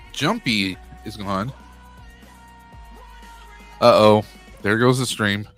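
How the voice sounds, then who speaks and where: A man's voice: fairly low pitch, very slow, pauses often, faint music behind. A man hosting a casual charity livestream from Western New York, joking and now and then stammering over his words. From Western New York, USA. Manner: relaxed, joking, with some stammered restarts. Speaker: stream host running charity prize wheels.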